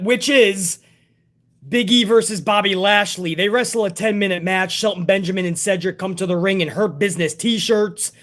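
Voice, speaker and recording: Young adult male reviewer, high voice, profane and sarcastic ranting delivery. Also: moderate pace, a bit bright. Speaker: wrestling show reviewer.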